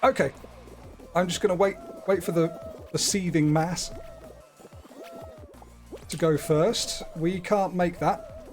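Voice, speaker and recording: A man's voice: high-pitched, steady tone, slow, long pauses, soft background music. A man streaming live, talking through his gameplay in a chatty, playful way with wordy asides. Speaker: gaming streamer.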